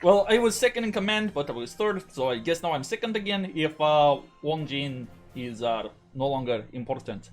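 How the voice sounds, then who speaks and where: A man voicing a cybernetic Russian woman, second in command, with a deliberately bad Russian accent, slightly masculine and slurred, dropping her articles. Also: fairly high pitch, animated, faint music behind, close to an everyday voice. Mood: formal. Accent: bad put-on Russian.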